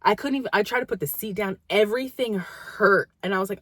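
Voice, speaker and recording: A woman's voice: medium pitch, fast talker, hardly any pauses, husky, dry recording. A young woman vlogger telling a personal story in a rambling, casual way, full of fillers.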